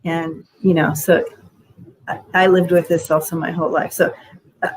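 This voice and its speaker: A woman's voice: fairly low pitch, little pitch movement, moderate pace, slight background noise, low-quality recording. A woman giving channeled spiritual messages in a casual, rambling way, with restarts and the odd swear word. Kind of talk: casual spiritual reading on a group call.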